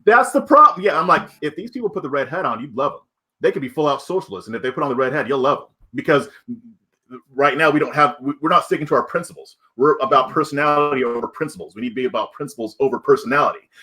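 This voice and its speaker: Brief: man, mid-pitched, casual podcast co-host making an argument. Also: expressive, fast, sharp tone. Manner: argumentative, making a case with rhetorical questions. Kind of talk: casual political chat.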